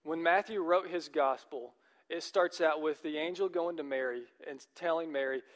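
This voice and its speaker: A male pastor preaches a sermon earnestly at a normal speed, his somewhat high voice ringing through the long reverb of a large church hall. He encourages his listeners and keeps asking them questions.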